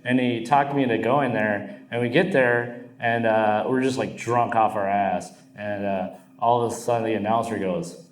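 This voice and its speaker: A young man doing crude, animated stand-up storytelling on stage. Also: fairly low pitch, moderate pace, few pauses. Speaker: stand-up comedian. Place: comedy club stage. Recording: roomy club sound. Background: audience laughter.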